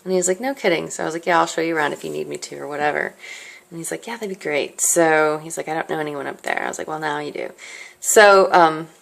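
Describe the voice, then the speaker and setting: A woman's voice: low-pitched, fast talker, vocal fry, a bit bright. A young woman casually telling a long personal story to the camera, chatty and rambling, with lots of fillers and asides. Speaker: vlogger. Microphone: handheld device held close.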